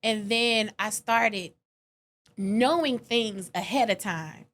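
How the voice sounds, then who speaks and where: A woman guest talking openly in an interview, animated and emotional, with casual slang and quoted lines that leap up in pitch. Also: takes it slowly. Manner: animated, expressive, acts out quoted lines with sudden high pitch. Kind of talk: candid conversational interview.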